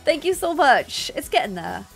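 A young woman streaming a building game, chatting casually and excitedly thanking her viewers. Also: sits high, normal speed, creaky. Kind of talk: casual gameplay livestream chat. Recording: faint music behind.

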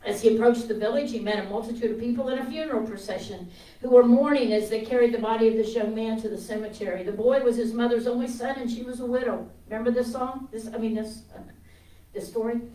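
Woman preacher, high voice, gets loud then goes real quiet, echoey room from far off. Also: fairly even intonation, fast. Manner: impassioned, swings from loud to hushed. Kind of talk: sermon.

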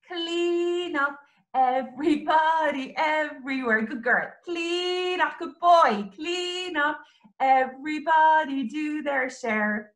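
A woman teaching young children, animated and sing-song, with exclamations and little songs. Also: sits high, slow pace. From Ireland. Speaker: early years teacher. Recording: roomy echo.

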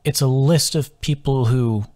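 A man's voice: mid-range voice, a little slow, a little mellow, voice pushed up, natural voice. A man voicing a weary young male fighter with a dry, understated manner.

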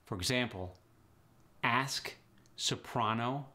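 Brisk man explaining accent sounds. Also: mid-range voice, pushed and bright. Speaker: accent coach. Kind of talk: instructional explanation.

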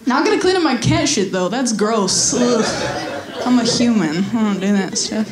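A woman's voice: fairly high pitch, lively intonation, moderate pace, a crowd in the background. A woman performing a stand-up comedy set, telling a story and acting out the voices in it. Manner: storytelling with acted-out voices and laughter. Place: comedy club stage. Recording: echoey club with loud noise.

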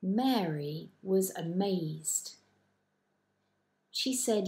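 A woman vicar giving a gentle children's talk and telling a Bible story slowly. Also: mid-range voice, expressive. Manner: gentle, slow, storyteller's delivery.

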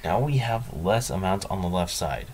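A man's voice: deep voice, lively intonation, moderate pace, darkish tone, a little hiss or hum. A man hosting a let's play, commenting in a dry, sarcastic, self-mocking way. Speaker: gaming channel host.

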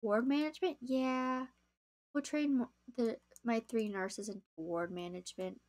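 A young woman chatting casually to viewers as she plays a game on a live stream, easily excited. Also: on the high side, normal speed.

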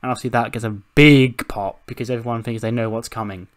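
Guy recapping his wrestling sim run, swears a lot, laughs, mid-pitched voice. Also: fairly even intonation, a little hiss or hum. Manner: laughing, sweary, fast storytelling. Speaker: gaming channel host. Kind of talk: casual let's-play narration.

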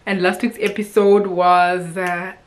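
A woman's voice: fairly low pitch, little pitch movement, unhurried, noisy background. A young woman from Africa, chatting casually and expressively to camera with frequent laughs and fillers. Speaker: vlogger.

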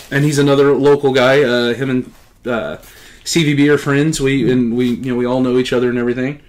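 A middle-aged man in casual unboxing chat, a comic book collector who talks in a talkative way and keeps exclaiming with excited gratitude. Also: medium pitch.

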